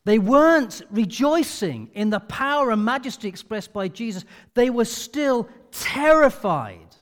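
Male preacher, high and lively voice, sermon style, reverberant hall. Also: unhurried. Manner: animated, expressive storytelling delivery. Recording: long reverb of a large hall.

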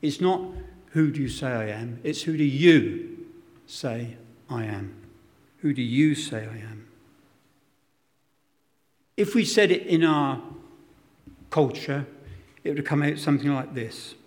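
A man's voice: medium pitch, a little slow, pauses often, darkish tone. A man preaching a sermon, dramatic and emphatic, acting out quotes, with self-deprecating humour. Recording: long hall reverb.

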